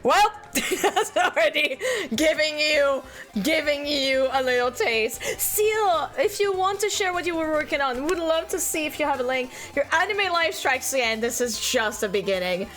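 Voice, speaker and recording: Lively high-voiced young French woman. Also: normal speed. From France. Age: young adult. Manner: laughs often, swears casually, many restarts. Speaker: streamer. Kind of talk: casual chat with viewers.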